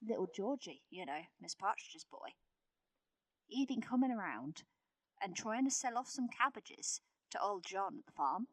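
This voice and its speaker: A woman's voice: medium pitch, sing-song, moderate pace, no room sound, voice pushed down, poor audio. A woman voicing a sly country villager who spreads gossip in a conspiratorial way. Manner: conspiratorial, folksy storyteller. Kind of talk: improvised character play.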